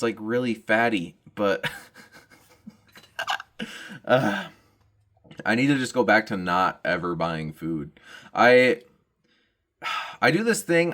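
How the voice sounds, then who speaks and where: A young man riffs through a rambling comic monologue, laughing at his own jokes and running himself down. His voice sits at an ordinary middle pitch, and he has the hiccups. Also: fairly bright tone. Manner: self-deprecating, laughs at own jokes, mocking put-on voices. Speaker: comedian vlogger.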